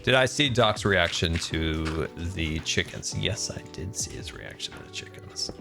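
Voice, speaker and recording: A man in his thirties chats casually on a live game stream, with a lively voice that swings up and down a lot and laughs often. Faint game music plays under his voice. He keeps talking straight to his viewers in an animated way. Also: low-pitched, a little slow, creaky, hardly any pauses.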